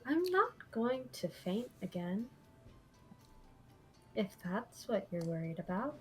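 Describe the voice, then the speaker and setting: A woman voicing a guarded young woman adventurer in tabletop role-play, speaking in a measured, firm way. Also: medium pitch, sing-song, faint music behind, rough recording.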